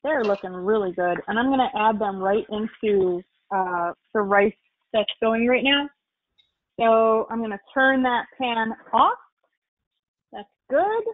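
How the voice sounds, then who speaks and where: A woman's voice: fairly high pitch, animated, unhurried, no echo. A woman chatting casually as she cooks, explaining each step and swearing now and then. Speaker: guest chef. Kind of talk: casual cooking chat. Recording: tinny phone-like line.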